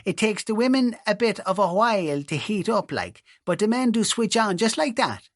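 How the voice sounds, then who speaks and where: A man's voice: high voice, big pitch swings, moderate pace, no room sound, clean studio sound, pitched above the performer's own voice, heavily acted. Man doing a leering old rural priest. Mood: preachy. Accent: mock rural Irish. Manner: jabbering, leering. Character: lecherous old rural priest lecturing girls.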